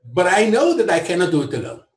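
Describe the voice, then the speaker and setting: A man's voice: high-pitched, big pitch swings, fast. A middle-aged South African man, an interview guest, telling stories with a preacherly, emphatic delivery. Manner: preacherly, rising to emphatic peaks. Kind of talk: impassioned storytelling. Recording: echoey room.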